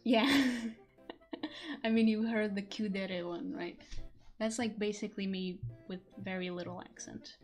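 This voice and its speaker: A woman's voice: mid-range voice, fairly even intonation, a little slow, a little mellow, soft background music. A young woman from Portugal, chatting casually on a stream, laughing often and trailing off into restarts. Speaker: voice actor streamer.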